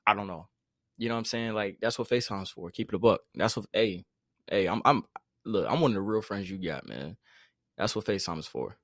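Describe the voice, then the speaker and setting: A man's voice: on the low side, animated, a little fast, dry recording, studio quality. A young man from the Carolinas co-hosting a podcast in casual, slangy chat, often laughing. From North Carolina. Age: young adult. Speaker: podcast co-host.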